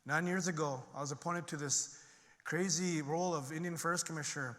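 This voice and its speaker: A middle-aged man on a stage gives a personal recovery testimony to an audience as a conference speaker, earnest and emphatic, climbing in pitch and volume when stirred. His voice is bright and forceful, with a steady tone and normal speed, and the large hall adds ringing reverb.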